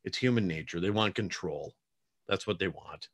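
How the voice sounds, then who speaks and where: A man's voice: low-pitched, normal speed, fairly bright tone. A man hosting a podcast interview, talking bluntly and heatedly with many fillers. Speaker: podcast host. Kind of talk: casual interview chat.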